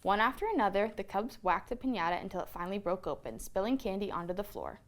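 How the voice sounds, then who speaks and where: A woman storyteller reading a children's picture book aloud in an expressive read-aloud manner. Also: mid-range voice, fast.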